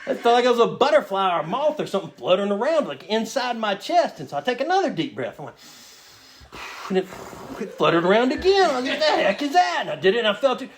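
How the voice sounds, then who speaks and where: A man's voice: high-pitched, very animated, fast. A man telling a humorous personal story to a meeting audience, acting out his own lines as he goes. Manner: storytelling, acts out his own quotes in a raised voice. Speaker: recovery meeting speaker. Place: meeting room with a live audience. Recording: audience laughter in the room.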